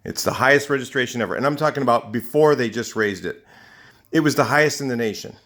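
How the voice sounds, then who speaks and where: A man's voice: medium pitch, fast, fairly bright tone. A man from California talking in a casual, rambling rant to camera, indignant, with lots of fillers and restarts. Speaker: vlogger. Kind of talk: casual ranting monologue to camera.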